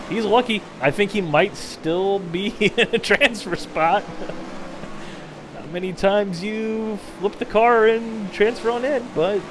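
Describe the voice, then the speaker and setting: A man's voice: sits high, unhurried, noisy background. A man from the Midwest chatting casually and rambling as he streams a racing sim, poking fun at himself. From American Midwest. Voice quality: rambling and self-mocking. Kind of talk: casual live-stream chat.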